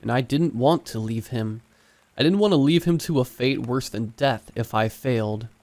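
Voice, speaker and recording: A man narrating a scary story in a steady, measured storytelling voice. His pitch sits in the middle range for a man, and his delivery stays even and scripted.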